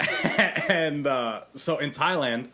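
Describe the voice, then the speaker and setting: A man's voice: a little high, lively intonation, drawn-out words, sharp tone. A man hosting a podcast, chatting in an easygoing way and asking his guest questions. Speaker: podcast host. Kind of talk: casual podcast chat.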